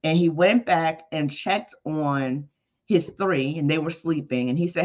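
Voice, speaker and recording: Preacher, relaxed storytelling sermon delivery, mid-pitched, slightly muffled lo-fi recording. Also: unhurried. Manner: conversational storytelling with emphatic exclamations. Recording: dull lo-fi podcast audio.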